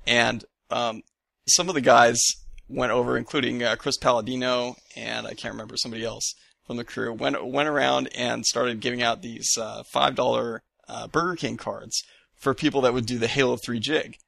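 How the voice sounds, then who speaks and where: Bright gravelly-voiced podcast co-host man. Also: mid-range voice, normal speed, no room sound. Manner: animated storyteller, laughs often. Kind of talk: casual chat.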